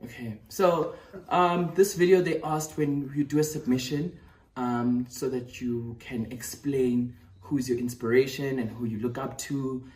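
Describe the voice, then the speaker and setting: Mellow South African man, mock-serious. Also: mid-range voice, steady tone, measured pace. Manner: mock-earnest, repeatedly breaking into laughter. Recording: roomy, distant phone recording.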